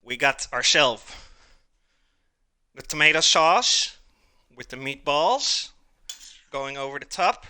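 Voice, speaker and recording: A man's voice: fairly high pitch, sing-song, takes it slowly, long pauses, bright, forceful tone, clear, resonant tone, no echo. A man hosting a live cooking stream, chatting casually and calling his viewers "guys" as he cooks.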